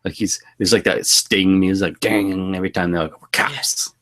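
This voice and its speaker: A man co-hosting a casual podcast, recounting a movie's plot in a relaxed way with frequent laughs. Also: low voice, a little fast. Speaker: podcast co-host. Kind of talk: casual movie commentary chat.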